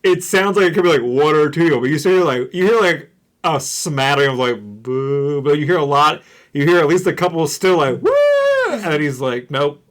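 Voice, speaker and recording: A man's voice: a little high, a little fast. A young man co-hosting a podcast, chatting casually and ranting with mocking asides. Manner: animated, ranting, mocking voices in quotes. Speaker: podcast co-host. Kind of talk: casual chat.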